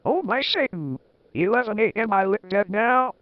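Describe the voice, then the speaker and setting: A man's voice: high-pitched, expressive, normal speed, no echo. A man voicing a melodramatic teenage goth girl heroine, overacted in a comic reading. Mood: shrill. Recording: dull, lo-fi dry recording.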